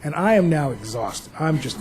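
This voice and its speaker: A man's voice: on the high side, animated, moderate pace, a little mellow, slight background noise, low-quality recording. A man from New Jersey, a museum director, giving a public talk full of anecdotal, reflective storytelling.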